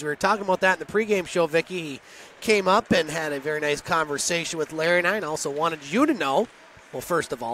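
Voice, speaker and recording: Bright, high-voiced man calling hockey. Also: a little hiss or hum. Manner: rapid, clipped play calls with chatty asides. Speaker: play-by-play announcer. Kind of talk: hockey play-by-play commentary.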